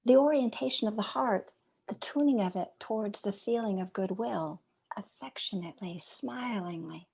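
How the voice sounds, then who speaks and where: With a fairly high pitch and a breathy edge, a woman gives a reflective dharma talk in her role as a meditation teacher. She keeps a gentle, measured delivery, asks rhetorical questions, and lets a few phrases sink to a near whisper.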